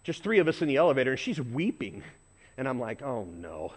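A pastor preaching a sermon in a conversational way, moving between loud emphasis and quiet intensity. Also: male voice, mid-range voice, expressive, fast. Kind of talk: sermon with storytelling.

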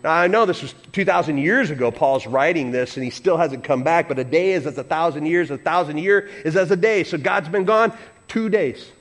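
A man preaching to a church congregation, animated and playful, sometimes leading the room in song. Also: a little high, fairly quick. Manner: animated, playful, acts out voices and leads congregation singing. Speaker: pastor. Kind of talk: sermon.

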